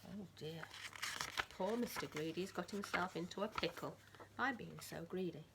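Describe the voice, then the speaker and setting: A woman teacher reading a storybook aloud to children, swinging between hushed whispers and loud emphasis. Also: lowish voice, moderate pace, vocal fry, noisy background.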